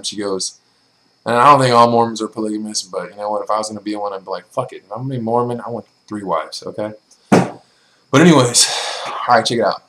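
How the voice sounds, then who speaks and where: With a sharp tone and fairly low pitch, a young man fields viewer questions in a casual vlog captured on a low-quality recording. Blunt and profane, he swears freely and peppers his answers with filler words.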